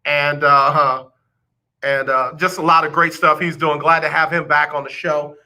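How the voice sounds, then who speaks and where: A male radio host, unhurried and flat in delivery, teases and jokes with listeners in casual radio chat. His voice is a little high yet bright and forceful, and he addresses the audience directly like old friends.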